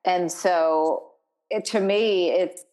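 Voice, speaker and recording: A woman's voice: lowish voice, slow pace, warm tone. Friendly woman podcast host. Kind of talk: casual interview chat.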